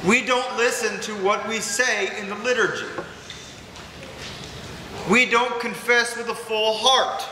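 A man with a high voice preaches earnestly to his congregation, often repeating himself for emphasis. His words ring through a large church with a long reverb. Noise is clear behind him. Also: steady tone, takes it slowly, pauses often, bright, forceful tone. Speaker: pastor. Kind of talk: sermon. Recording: echoey church hall with background noise.

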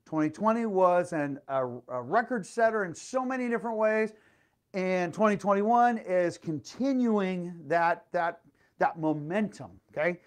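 A man's voice: sits high, unhurried. A middle-aged man working as a real estate agent, telling a story and giving a market update in a chatty, playful way, with lots of fillers and exclamations.

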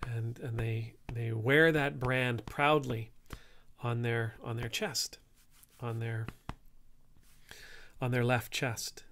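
A man's voice: medium pitch, fairly even intonation, takes it slowly, pauses often, fairly bright tone, slight background noise. A man who is an Anglican priest, talking in a casual, rambling reflection that is full of restarts.

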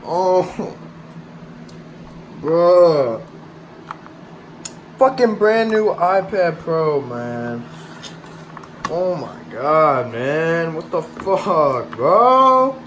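Swearing young-sounding gamer guy, lively voice. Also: a little high, extremely slow, pauses often, a little hiss or hum, rough recording. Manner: swears constantly, flips to yelling; slangy, uses bro and y'all. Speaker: gaming YouTuber. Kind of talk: casual gaming vlog.

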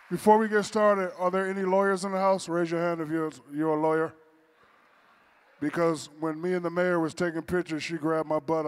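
Guy joking around in his award speech, kinda high voice, faint room noise behind. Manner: playful, teasing, storytelling. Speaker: honoree giving acceptance speech. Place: banquet hall with audience.

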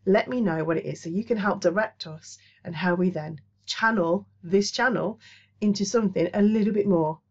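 A woman's voice: mid-range voice, moderate pace, husky, lo-fi sound. A woman with a Black Country accent chats casually to camera about her crafts, rambling with many ums. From Black Country, England. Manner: rambling, chatty, lots of ums. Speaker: crochet and craft channel host. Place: small home studio office.

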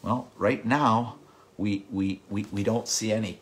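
A middle-aged man preaching a sermon with passion, repeating words, swinging from loud outbursts to hushed, whispered lines. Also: on the low side, steady tone, unhurried, slight background noise. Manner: impassioned, with repeated words and sudden drops to a hush. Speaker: pastor.

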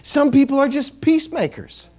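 Preaching a sermon at a moderate pace, this bishop has a high, animated voice full of rises and falls. He trades jokes with the congregation and leads them in echoing important words.

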